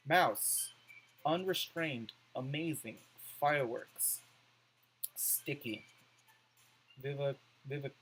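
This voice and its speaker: A man's voice: mid-range voice, slow, pauses often, fairly bright tone, slight background noise, low-quality recording. A man doing let's play commentary, reading on-screen words aloud and musing over his choices.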